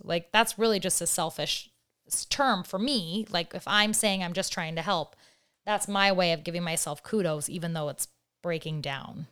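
A woman's voice: on the low side, normal speed, a bit bright, clear, resonant tone. A woman hosting a podcast interview, talking in a reflective, casual way and often saying "like". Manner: reflective, self-questioning, uses "like" a lot. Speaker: podcast host.

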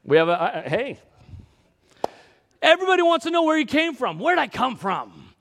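A man preaching a sermon, his voice sitting high and swooping up and down with animation. He swings between emphatic outbursts and quiet asides as he works through scripture. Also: sing-song, normal speed, vocal fry. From Scotland. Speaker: pastor.

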